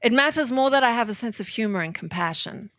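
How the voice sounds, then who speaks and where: Animated woman author telling stories. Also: a little high, fast, dry recording. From southern Africa. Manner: animated, self-deprecating, laughs often. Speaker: author speaking at a bookstore event. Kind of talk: storytelling in an audience Q&A.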